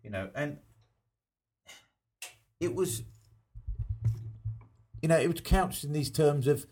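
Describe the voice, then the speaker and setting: A man with a husky, slightly rough voice whose pitch rises and falls a lot. He talks in a casual chat, emphatic and sure of his opinions, and keeps his delivery loose and conversational. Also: lively intonation, takes it slowly, long pauses, a little mellow.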